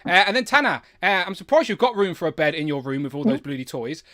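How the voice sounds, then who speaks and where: A man with a slight lisp, hosting a live chat with guests, chatty and quick to laugh. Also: a little high, sing-song, fairly bright tone. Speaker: livestream host.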